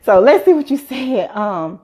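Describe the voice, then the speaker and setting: A woman's voice: fairly high pitch, unhurried, husky. A woman, a doctor chatting casually on a live stream and acting out quotes as she tells stories. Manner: animated storyteller, acts out quotes. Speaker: doctor giving health advice.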